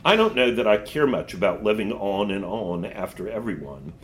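A man's voice: lowish voice, big pitch swings, normal speed, a little hiss or hum. A man reading a storybook aloud and voicing an earnest young boy, in close to his own voice.

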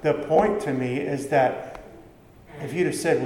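Preacher in an echoey hall. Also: male voice, on the high side, unhurried, darkish tone. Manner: conversational preaching with rhetorical questions. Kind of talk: sermon. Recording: echoey hall with faint background ambience.

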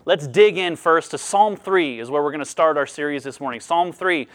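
Pastor, male, high voice, expressive sermon delivery with lively swings in tone. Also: moderate pace. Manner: expressive preaching, lively rises and drops.

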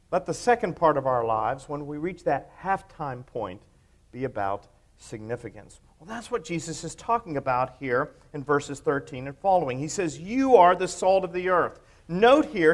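Lively, animated male preacher. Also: fairly high pitch. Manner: expressive preaching, rises and drops for emphasis, asks the congregation questions. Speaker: pastor. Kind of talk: sermon.

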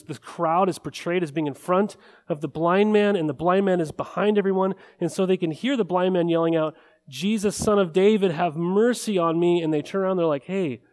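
A male pastor delivering a sermon in an earnest tone, leaning on repetition to drive points home. His voice sits a little higher than most men's. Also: darkish tone. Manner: earnest, building emphasis with repeated phrases.

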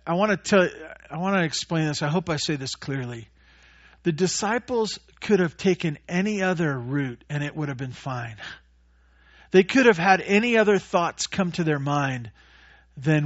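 Male pastor preaching; high voice, animated delivery that acts out characters, dull lo-fi recording. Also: moderate pace. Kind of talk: sermon.

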